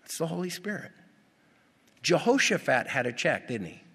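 A male pastor preaching a sermon, animated and putting rhetorical questions to his congregation. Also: on the high side, normal speed, vocal fry, breathy edge. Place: church. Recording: long reverb of a church hall.

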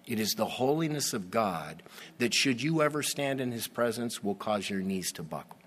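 A man preaching a sermon, slow and emphatic, with dramatic pauses and sudden swells in volume. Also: fairly low pitch, animated, fairly bright tone. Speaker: pastor.

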